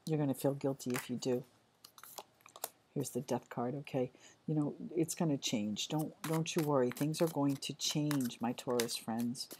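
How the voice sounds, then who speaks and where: A woman giving a casual tarot reading to viewers, talking in a chatty, halting way with frequent restarts and apologies. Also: rumbling low, steady tone, darkish tone, slight background noise. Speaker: tarot reader.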